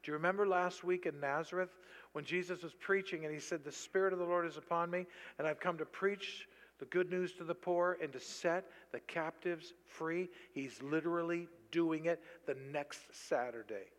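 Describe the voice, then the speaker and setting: A tired male pastor preaching a sermon, animated and breaking into loud bursts when he quotes. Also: on the high side, normal speed. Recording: long reverb of a large hall.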